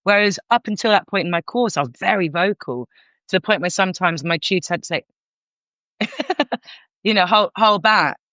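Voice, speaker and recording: Her voice is mid-range, with a moderate pace and long pauses, as she candidly recounts a story on a podcast. She's a middle-aged counsellor from North London, England, speaking with a London accent, frank and animated and restarting often. The dry recording has a dull lo-fi quality.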